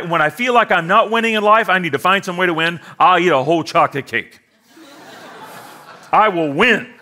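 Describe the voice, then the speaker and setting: A man's voice: fairly high pitch, sharp tone. A middle-aged male pastor preaching a sermon with humor, sarcastic asides and acted-out quoted voices.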